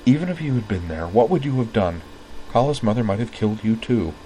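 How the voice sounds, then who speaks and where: A man voicing a gentle young woman who reassures a grieving friend in a soft voice. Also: lowish voice, expressive, fairly quick, a little hiss or hum, voice pushed up, natural voice, rough recording. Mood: firm.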